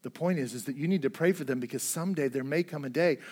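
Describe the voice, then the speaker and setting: High-voiced earnest male preacher. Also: fast, slightly rough. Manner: earnest preaching, swinging between hushed and emphatic. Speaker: pastor. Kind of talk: sermon.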